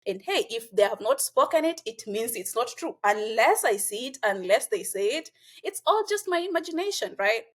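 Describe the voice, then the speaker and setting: A young woman from Kenya, talking earnestly as a guest in a casual conversation and filling pauses with "you know" and "like.". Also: on the high side, sing-song. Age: young adult.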